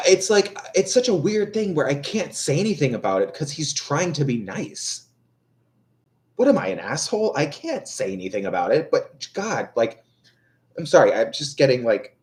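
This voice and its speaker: A young man chatting casually on a livestream, ranting in an exasperated way and swearing often. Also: on the high side. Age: young adult. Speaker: livestream tarot reader. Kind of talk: casual rambling chat.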